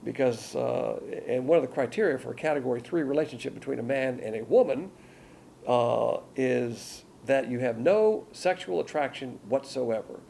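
A man teaching a verse-by-verse Bible lecture, blunt and digressive, reading scripture aloud more forcefully than his asides. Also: medium pitch, moderate pace, vocal fry, slight background noise.

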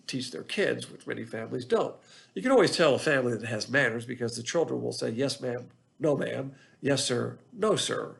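A man, teaching the Bible in a measured sermon and often repeating his phrases. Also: medium pitch, vocal fry. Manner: measured, repetitive teaching delivery.

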